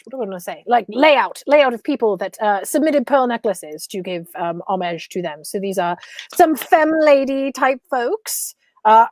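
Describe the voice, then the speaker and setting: A woman's voice: fairly high pitch, no echo. A woman hosting a casual chat, talking in a rambling, giggly way. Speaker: host. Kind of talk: casual chat on a live stream.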